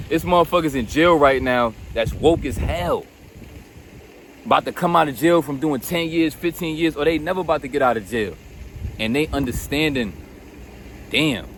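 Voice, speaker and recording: Man, motivational rant, blunt and profane, keeps saying bro, fairly high voice, faint vehicle hum behind. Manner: blunt, profane, repetitive, addresses listener as bro. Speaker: self-help video host.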